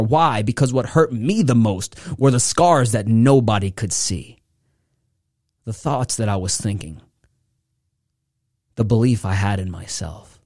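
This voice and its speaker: A man hosting a motivational podcast, telling a personal story with intensity, his voice swinging between hushed and loud. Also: medium pitch, no room sound, clean studio sound.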